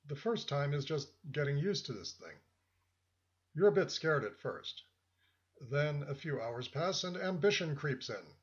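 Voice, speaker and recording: Playing a smooth, patronizing older man who carries a walking stick, this male performer stays friendly while talking down to the listener, addressing him as "son." He sounds on the high side, sing-song and unhurried, in a dull, lo-fi recording.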